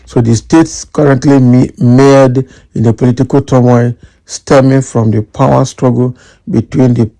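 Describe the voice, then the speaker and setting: A Nigerian man reading out political news and then giving lively commentary, slipping into Nigerian Pidgin. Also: medium pitch, creaky. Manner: animated, mixes in Nigerian Pidgin.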